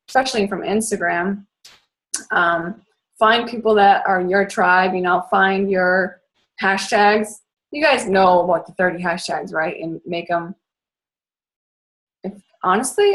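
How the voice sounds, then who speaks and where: A young woman from the Boston area who talks very fast in a bubbly, chatty way as she coaches her team in a casual talk. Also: mid-range voice. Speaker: network marketing fitness coach.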